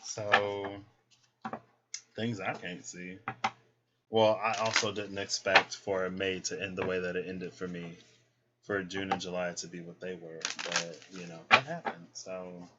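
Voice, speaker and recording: A man's voice: sits low, fairly even intonation, unhurried. A man rambling in a casual vlog, hesitant and meandering as he thinks aloud about his dreams and tarot cards. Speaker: tarot vlogger. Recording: dull lo-fi sound with faint noise.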